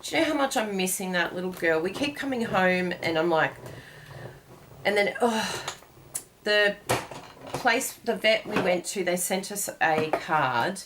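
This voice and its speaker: A woman's voice: mid-range voice, background noise. A woman hosting a cardmaking tutorial, chatting casually and digressing as she crafts.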